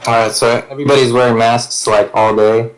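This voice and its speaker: A man's voice: medium pitch, flat delivery, fairly quick, soft background music, rough recording. A man playing a tabletop game over voice chat, rambling and hesitating as he thinks aloud. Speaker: player. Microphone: online voice chat.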